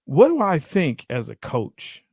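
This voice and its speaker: A man hosting a casual sports debate show, animated, laughing often and acting out quotes. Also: fairly high pitch, measured pace, creaky, breathy edge, dry recording, studio quality.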